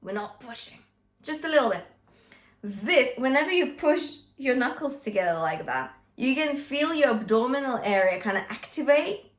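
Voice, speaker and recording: A woman's voice: high voice, big pitch swings, normal speed. Chatty woman vocal coach in an echoey room. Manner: encouraging, chatty, checks in with "yeah?" and "okay?". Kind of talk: singing lesson with sung demonstrations.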